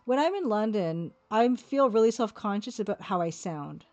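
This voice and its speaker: A woman's voice: mid-range voice, expressive, normal speed, a little mellow. Rambling Canadian woman streaming. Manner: rambling, self-deprecating, talks to her chat. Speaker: artist streaming her work. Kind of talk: casual livestream chat while drawing.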